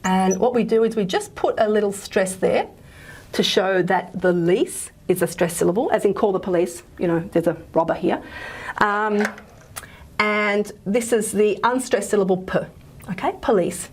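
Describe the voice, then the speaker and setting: A woman's voice: mid-range voice, normal speed, slightly rough. A woman giving a phonetics lecture, explaining patiently with many fillers and frequent "okay?" checks. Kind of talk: recorded lecture.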